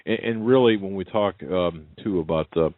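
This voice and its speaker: Brief: low-voiced male host, halting questions, phone-line sound. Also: dry recording. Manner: halting, many restarts and fillers. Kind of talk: radio interview. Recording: tinny phone line, dry.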